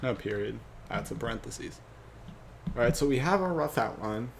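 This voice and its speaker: A man's voice: mid-range voice, expressive, moderate pace, vocal fry, noisy background. A man rambling and joking to himself as he thinks aloud, working out a fan script. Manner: rambling, self-joking, trailing off.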